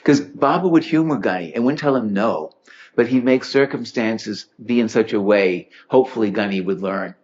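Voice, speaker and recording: A man's voice: fairly low pitch, normal speed, darkish tone. A man giving a humorous talk, telling anecdotes with chuckles and acting out the people in them. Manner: witty, chuckling storyteller acting out quotes. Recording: dull lo-fi recording.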